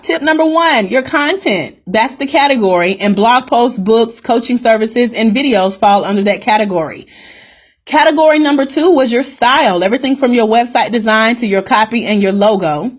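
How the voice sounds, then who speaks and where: Her voice is a little high and her pace normal as this woman runs a live-streamed business coaching call. Upbeat and straightforward, she calls her audience "guys" and goes over her main points again and again.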